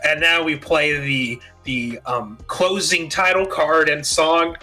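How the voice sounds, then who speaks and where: A man's voice: fairly high pitch, steady tone, slow pace, pushed and bright, faint music behind. A man co-hosting a podcast in casual chat, rambling with fillers and the odd swear word. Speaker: podcast co-host.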